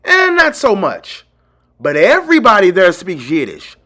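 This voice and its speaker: A high-pitched man with huge pitch swings keeps a measured pace while teaching a lecture-style video lesson on his channel. Insistent and emphatic, he repeats key phrases and turns directly to his viewers, whom he calls ladies and gentlemen.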